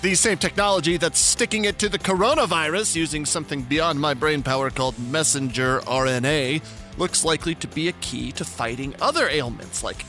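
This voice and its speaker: A man's voice: on the high side, pushed and bright. A man hosting a tech news show, reading stories with sarcastic joking asides. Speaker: host. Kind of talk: casual tech news commentary.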